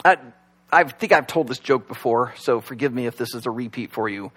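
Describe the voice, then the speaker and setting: A man's voice: mid-range voice, fairly quick, fairly bright tone, slightly rough. A man preaching a sermon in a conversational, joking way, full of "like" and "you know", at a church service that is also streamed online. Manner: conversational, joking, many fillers. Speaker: pastor.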